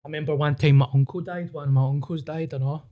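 A man's voice: a little high, steady tone, fast talker, dry recording, dull audio. A Scottish man who is a stand-up comedian, chatting on a podcast in a blunt, self-mocking way. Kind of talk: casual podcast chat.

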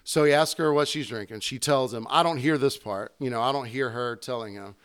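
A man's voice: mid-range voice, brisk, a bit bright, clean tone. A man who works as a bartender, telling stories in casual chat and swearing constantly. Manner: rambling storyteller, swears constantly. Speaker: bartender, podcast co-host.

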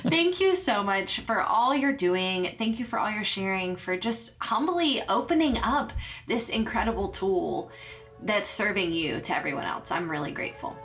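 Energetic, emphatic podcast host woman. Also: medium pitch, normal speed, soft background music. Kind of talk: conversational interview with a sponsor read.

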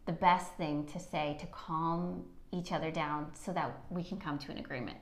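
A woman's voice: deep voice, steady tone, moderate pace. A middle-aged woman co-hosting a podcast, encouraging and affirming as she talks about marriage. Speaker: podcast co-host. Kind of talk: casual chat. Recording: echoey room.

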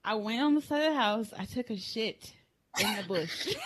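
A young woman in casual podcast chat, her voice bright and forceful and pitched a little high. She tells crude stories with bursts of loud laughter and an animated delivery. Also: moderate pace. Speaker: podcast co-host.

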